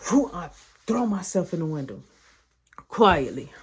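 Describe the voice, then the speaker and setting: A woman telling an animated story in a casual, slangy way, acting out the action with sound effects and quoted lines. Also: on the low side, measured pace, slightly rough.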